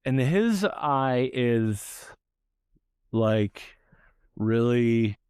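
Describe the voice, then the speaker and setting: A man hosting a parenting podcast as a coach, relaxed and conversational, often agreeing with his guest. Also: medium pitch, extremely slow, smooth, no room sound, clean studio sound. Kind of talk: casual conversation.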